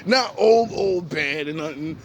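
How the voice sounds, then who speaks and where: A man's voice: high-pitched, animated, unhurried. Young man rambling, laughing, swearing. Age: young adult. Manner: laughs often, swears freely, drifts off topic. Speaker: vlogger. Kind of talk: rambling storytelling monologue. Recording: noisy street background.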